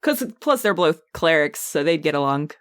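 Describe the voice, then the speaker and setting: Female podcast co-host, lowish voice, giggly and animated, dry close recording. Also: moderate pace, clear, resonant tone, no echo. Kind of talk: casual chat about tabletop roleplaying.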